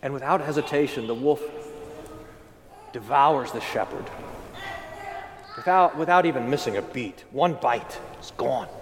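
A man's voice: medium pitch, measured pace, long pauses, in a large hall, background noise. A man preaching as a pastor in a church, telling a story with animation and speaking earnestly. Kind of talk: sermon.

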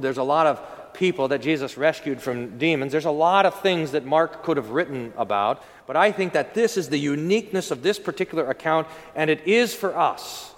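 Pastor preaching in a reverberant church. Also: male voice, fairly high pitch. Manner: storytelling, acting out quoted voices. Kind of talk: sermon.

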